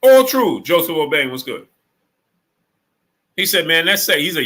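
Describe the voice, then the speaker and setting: A man talks to his live-stream audience in a bright, forceful voice with speech. He tells stories with energy, acting out what his friend said, then greets viewers in the chat one by one. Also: on the high side, moderate pace. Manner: animated storytelling, acts out friend's quotes. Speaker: sports channel host.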